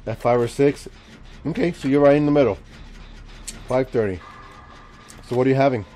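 A man's voice: mid-range voice, moderate pace, slight background noise. A man in his forties chatting with his viewers and joking around as he streams a game. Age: 40s. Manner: chatty, jokey, talks to chat while playing; lively, swings from mumbling to loud exclamations. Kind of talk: live game stream chat.

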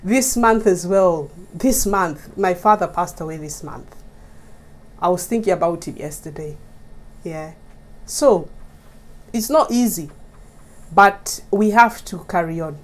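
A woman's voice: lowish voice, darkish tone. Chatty woman vlogger from Kenya. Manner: chatty, keeps calling viewers "guys", laughs often. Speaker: YouTube vlogger. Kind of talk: casual vlog talking to viewers. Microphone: mic set up in front of her.

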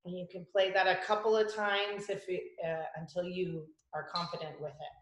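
A woman music teacher giving a children's lesson, with slow, clear, patient instructions. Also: fairly low pitch, flat delivery, roomy sound.

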